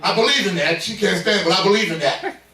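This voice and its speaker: A middle-aged man preaching a sermon as pastor, building into loud bursts and calling out to the congregation. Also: high voice, animated, quick pace. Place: church sanctuary. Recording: echoey church from far off.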